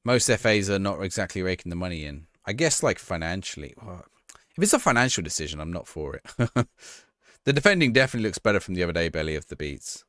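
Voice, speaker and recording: A man's voice: sits low, big pitch swings, quick pace, fairly bright tone, no room sound, studio quality. A man streaming a football management game live, reacting to the action and chatting with his viewers.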